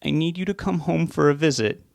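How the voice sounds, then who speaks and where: A man's voice: on the high side, fairly quick, vocal fry, darkish tone, no room sound, studio quality, voice pushed up. A man voicing a grieving, pleading middle-aged mother who speaks tearfully and insistently.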